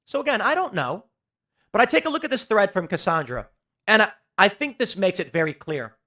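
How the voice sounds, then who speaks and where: Bright-voiced ranting male commentator. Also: sits high, sing-song, brisk. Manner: emphatic, sarcastic, ranting. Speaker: host. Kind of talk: political commentary show.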